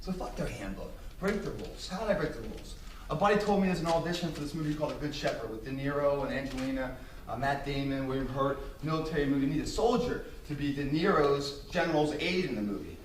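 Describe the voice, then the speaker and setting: A man giving a speech to an audience, telling brash, profane, animated stories. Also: mid-range voice, fast talker, a little hiss or hum. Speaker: motivational speaker. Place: room with an audience. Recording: roomy, distant mic, faint ambience.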